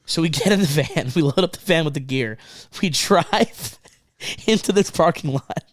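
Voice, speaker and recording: Excited, swearing man telling a tour story. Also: a little high, moderate pace, no room sound. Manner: excited, swearing, repeats himself, laughs mid-sentence. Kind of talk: casual storytelling chat.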